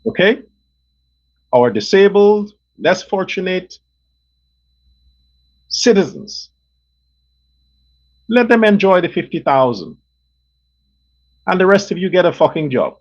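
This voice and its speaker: Male host, angry profane rant, wide swooping pitch, unhurried delivery. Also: very animated. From Guyana. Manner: combative, profane, repeats and stresses words. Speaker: show host. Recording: dull lo-fi recording.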